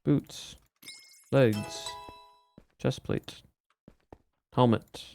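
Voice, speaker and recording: A man with a gravelly, creaky voice talking through his game in a relaxed way. He explains things plainly and unhurriedly over voice chat. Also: medium pitch, drawn-out words, faint music behind. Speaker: streamer playing with friends. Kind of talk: casual gameplay commentary.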